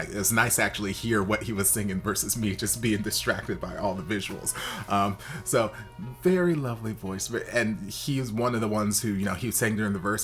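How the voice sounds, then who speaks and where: A man hosting a reaction video in casual, campy commentary, leaping into high exaggerated exclamations. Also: fairly bright tone.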